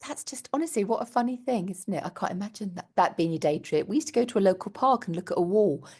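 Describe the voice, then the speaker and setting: Animated woman telling stories. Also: mid-range voice, quick pace, slightly rough. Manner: animated storyteller, laughs often. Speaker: podcast co-host. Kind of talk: casual chat.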